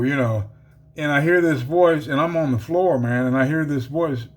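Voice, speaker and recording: A man's voice: medium pitch, normal speed. A man who is an ex-convict telling his conversion story in a casual, rambling way full of fillers. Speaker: ex-convict giving a conversion testimony.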